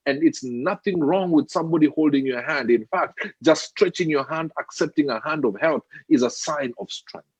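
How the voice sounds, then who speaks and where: A man's voice: fairly high pitch, very animated, normal speed, hardly any pauses, slightly rough, dry recording, muffled recording. A male guest on a talk show, talking fervently about men supporting each other, his voice climbing when he makes an appeal. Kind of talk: storytelling in conversation.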